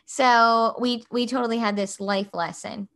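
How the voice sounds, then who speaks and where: A woman in her thirties tells a family story in a relaxed, animated chat. Her voice sits a little high, and she keeps dropping "like" in as she talks. She sounds like a mother sharing the story casually. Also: a little slow. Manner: animated, fills speech with "like".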